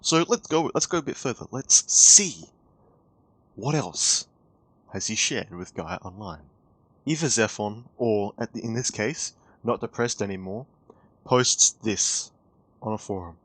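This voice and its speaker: A man's voice: fairly low pitch, lively intonation, measured pace, fairly bright tone, dry recording. A man giving sarcastic, incredulous commentary for an online video. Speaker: commentary YouTuber.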